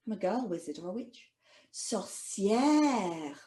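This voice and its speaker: Lively, echoey-voiced woman teaching children. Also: on the low side. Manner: cheerful, sing-song, speaks slowly to children. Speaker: language teacher. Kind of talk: online children's French lesson with songs.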